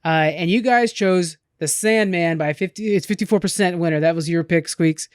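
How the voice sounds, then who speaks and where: A man hosting a podcast in casual chat, quick and chatty, often repeating words. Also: sits high, clean tone, dry recording, clean studio sound. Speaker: podcast host. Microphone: podcast microphone.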